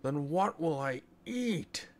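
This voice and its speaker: A man putting on a small boy from a storybook, pitched up high and whining for his treat. The voice drags its words out slowly, with a lively, swooping sing-song. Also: slight background noise. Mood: whiny. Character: whiny little boy who loves ice cream. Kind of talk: storybook reading.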